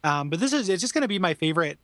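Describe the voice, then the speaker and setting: A man's voice: high voice, big pitch swings, racing, fairly bright tone, no room sound. A man co-hosting a podcast in casual chat, rambling with many fillers and restarts. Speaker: podcast co-host.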